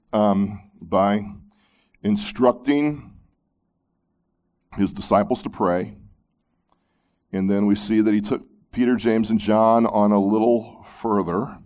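A man preaching a sermon, reading scripture aloud and commenting on it, moving between loud emphatic peaks and hushed low phrases. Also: fairly even intonation, slow pace. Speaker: pastor.

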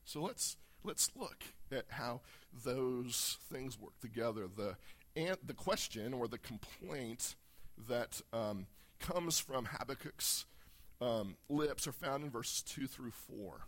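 Slow, earnest male preacher. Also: mid-range voice, lively intonation, fairly bright tone. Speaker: pastor. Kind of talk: sermon with scripture reading.

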